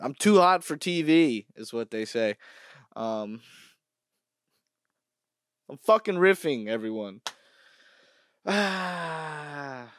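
A brash young man in an irreverent comedy vlog, ranting and swearing in a mock-tough tone. His voice sits at an ordinary middle pitch and is recorded close and dry. Faint music runs quietly underneath. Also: no room sound. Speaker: comedy vlogger. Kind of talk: profane comedic riffing.

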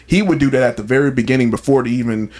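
A man's voice: medium pitch, racing, slight background noise. A man co-hosting a podcast in casual chat, telling stories with enthusiasm and acting out quotes. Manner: animated, enthusiastic storytelling with acted-out quotes. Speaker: podcast co-host.

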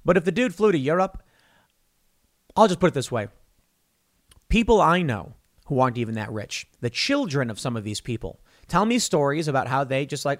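A man's voice: mid-range voice, big pitch swings, fairly quick. A man hosting a solo political commentary show, talking in an opinionated, conversational way with emphatic stresses and frequent restarts.

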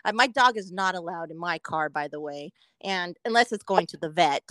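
A woman's voice: fairly low pitch, normal speed, a bit bright, dry recording, clean studio sound. A woman co-hosting a podcast in casual chat, rambling, swearing and laughing often. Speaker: podcast co-host.

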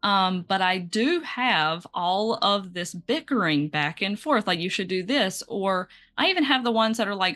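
A woman's voice: mid-range voice, animated, normal speed, hardly any pauses, fairly bright tone. A woman hosting a podcast, talking earnestly and openly about her own experiences and asking her guest questions. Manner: earnest, open and personal. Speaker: podcast host. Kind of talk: casual podcast conversation.

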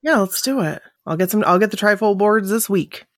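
A woman's voice: mid-range voice, lively intonation, brisk, no room sound, clean studio sound. A woman co-hosting a podcast, chatting casually and playfully, with short exclamations. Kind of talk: casual chat.

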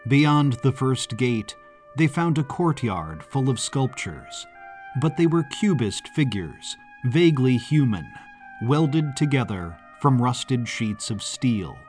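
A man narrating a story in a measured, descriptive way. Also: medium pitch, very animated, darkish tone. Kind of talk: scripted audiobook narration. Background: faint background music.

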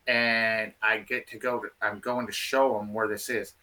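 Bright-voiced man telling a story. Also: fairly low pitch, normal speed. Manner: animated, restarts often. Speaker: field researcher guest. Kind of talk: casual storytelling.

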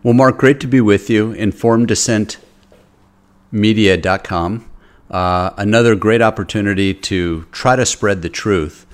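Low-voiced man hosting a casual talk show. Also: measured pace. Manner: loose, conversational, with frequent fillers. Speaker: host.

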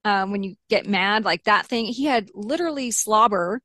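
A woman's voice: mid-range voice, normal speed, bright, forceful tone, no room sound. A woman in an interview, candidly retelling a frightening personal experience, with blunt swearing and quoted asides.

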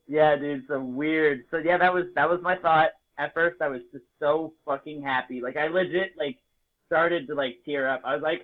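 A man from Las Vegas telling a story in a casual chat, swearing freely, joking and getting animated. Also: fairly high pitch, normal speed. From Las Vegas, United States. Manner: profane, jokey and animated. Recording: tinny phone-like sound.

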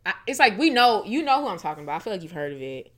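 A young woman co-hosting a casual chat show, talking in a playful, animated way with quick asides. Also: medium pitch. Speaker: podcast co-host.

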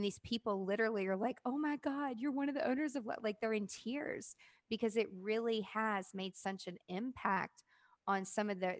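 A woman hosting a casual interview podcast, talking with excited enthusiasm. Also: medium pitch, no room sound. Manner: enthusiastic, gushing. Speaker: podcast host.

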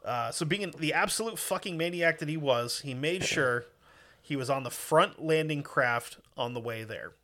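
A man's voice: fairly high pitch, moderate pace, sharp tone. A man telling a war story in a casual podcast chat, profane and emphatic.

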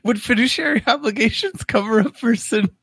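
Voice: mid-range voice, brisk, gravelly, fairly bright tone, slightly rough, no room sound. A podcast co-host chatting casually, asking joking questions. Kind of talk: casual chat.

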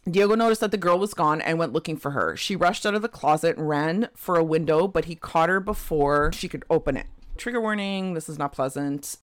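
Woman, podcast co-host, low voice, casual true crime storytelling, frequent laughter, dry recording. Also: expressive, brisk, no room sound. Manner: laughs often while telling, chatty asides.

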